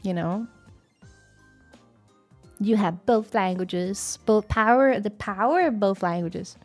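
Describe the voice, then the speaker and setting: A woman's voice: medium pitch, takes it slowly, faint music behind. Southern Swedish woman, casual streamer chat. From Sweden. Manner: chatty and musing, thinks aloud with fillers and soft laughs. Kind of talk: casual chat, reading chat aloud.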